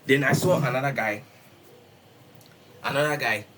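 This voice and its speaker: Young man, streamer, lively casual storyteller, repeats himself, slangy. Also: medium pitch, moderate pace, slight background noise. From Ghana. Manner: animated, repetitive, peppers talk with "bro" and "Charlie".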